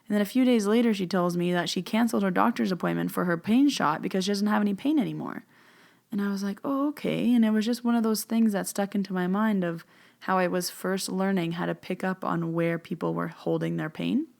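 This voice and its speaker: A woman's voice: mid-range voice, fairly quick, creaky, darkish tone. A woman hosting a podcast, telling stories casually and acting out both sides of past conversations, with frequent "like" and "um" fillers. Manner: retells events with quoted back-and-forth dialogue. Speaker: podcast host and spiritual medium. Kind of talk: casual storytelling monologue.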